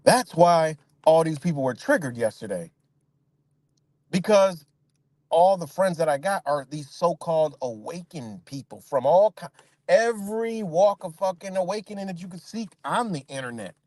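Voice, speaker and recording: A man hosting a casual livestream, ranting in a rambling, profane way and mimicking other people in high voices. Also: animated, normal speed, darkish tone, no echo. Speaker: livestream host.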